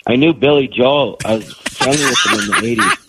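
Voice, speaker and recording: A man's voice: medium pitch, a little fast, very noisy. A male guest on a radio show, talking with a cold and telling long rambling stories. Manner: rambling storyteller. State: has a cold. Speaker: guest comedian. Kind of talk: casual radio interview.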